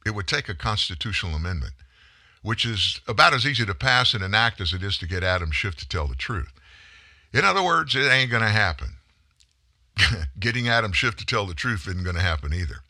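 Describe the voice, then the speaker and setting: A man's voice: on the low side, sharp tone, dry recording, studio quality. A man giving a political commentary monologue, emphatic and sarcastic, full of rhetorical questions.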